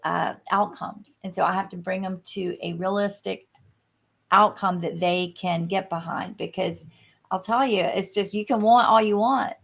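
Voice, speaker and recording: A woman's voice: mid-range voice, a bit bright. A woman who works as a coach, co-hosting a podcast in a casual, earnest conversational way.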